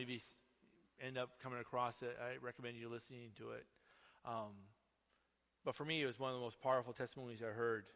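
A man preaching a sermon with passion, swinging between loud declarations and hushed asides. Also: medium pitch. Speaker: pastor. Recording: reverberant hall, dull lo-fi sound.

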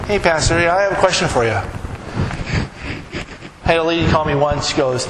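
High-voiced pastor preaching in an echoey hall. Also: male voice, moderate pace, pauses often. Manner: conversational preaching with quoted dialogue, emphatic rising peaks. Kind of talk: sermon. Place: church sanctuary. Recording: echoey hall, background noise.

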